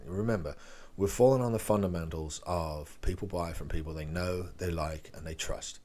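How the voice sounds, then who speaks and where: Low voiced guy explaining sales calls, chill and chatty, acts out little phone bits. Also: normal speed, darkish tone. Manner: conversational, loose, role-plays phone lines. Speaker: real estate agent teaching sales calls. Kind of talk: casual instructional talk.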